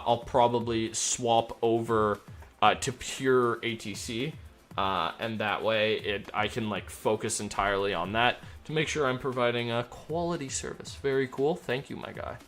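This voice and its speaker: A man streaming a flight game, chatting loosely with lots of fillers and switching into crisp radio phraseology as a tower controller. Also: medium pitch, normal speed, a bit bright, faint music behind. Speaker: streamer and virtual air traffic controller. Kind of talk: casual live-stream chat.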